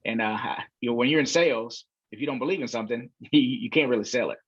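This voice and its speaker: A man's voice: mid-range voice, fast, husky, dry recording. A man in casual conversation as a podcast guest, telling a long story with lots of fillers and acted-out quotes. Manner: relaxed storyteller, many fillers, acts out quoted voices. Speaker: podcast guest, real estate investor. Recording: dull, dry, lo-fi sound.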